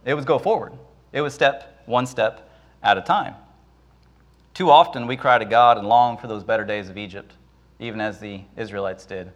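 A man preaching a sermon who acts out the voices of the people and Moses, with dramatic rises and drops. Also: medium pitch. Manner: dramatic, acts out Israelites and Moses in quick asides.

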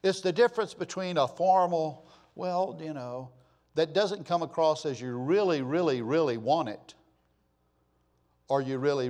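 An older man preaching a sermon, moving from easy storytelling to impassioned, emphatic exhortation. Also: fairly high pitch. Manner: building from conversational to impassioned crying out. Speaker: pastor.

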